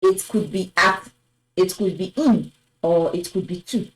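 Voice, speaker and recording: A woman teaching French pronunciation, patiently repeating each word and affirming with a soft "yes". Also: on the low side, a little slow, poor audio. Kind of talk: slow explanatory lesson.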